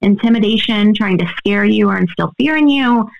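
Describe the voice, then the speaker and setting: Brief: earnest expert woman, gravelly edge, dull lo-fi sound. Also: medium pitch, animated, normal speed. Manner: earnest, explanatory, often adds "right?". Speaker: guest expert. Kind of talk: interview answers.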